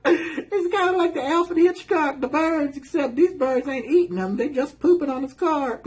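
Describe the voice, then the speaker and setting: A woman with a very high voice, chatting sassily through a self-help book. She keeps calling the listener honey and boo, laughs freely between her comments, and keeps the tone loose and playful. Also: darkish tone, rough recording. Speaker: channel host.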